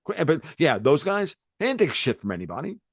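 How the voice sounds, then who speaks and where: A man's voice: fairly high pitch, sing-song, fairly quick, dry recording, studio quality. A man hosting a podcast, telling family stories in a rambling, salty way with many restarts. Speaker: podcast host. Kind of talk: casual podcast conversation.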